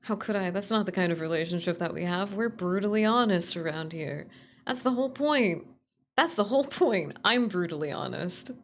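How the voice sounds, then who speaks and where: A woman's voice: medium pitch, lively intonation, normal speed, slight background noise. A woman streaming a game, chatting casually with viewers in a playful, teasing way and laughing often. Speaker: VTuber streamer. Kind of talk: casual live-stream chat.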